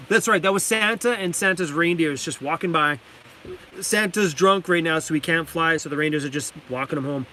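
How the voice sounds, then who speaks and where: A man's voice: on the high side, normal speed, sharp tone, slight background noise. A man from Canada chatting casually on a live stream from his van, enthusiastic, laughing often and reading chat names aloud. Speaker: vlogger hosting a live stream. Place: inside a parked van.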